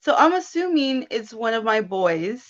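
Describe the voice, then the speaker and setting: A woman in her thirties telling a personal story in casual chat, animated and quick to laugh as she acts out her own thoughts. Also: fairly high pitch, lo-fi sound. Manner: chatty and animated, with laughs and self-quotes. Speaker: guest.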